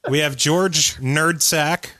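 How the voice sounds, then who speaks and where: A man's voice: a little high, fairly even intonation, slow pace, pushed and bright. A man co-hosting a podcast, leading the introductions with casual, profane joking. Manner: swears freely and leads the introductions. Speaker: podcast co-host.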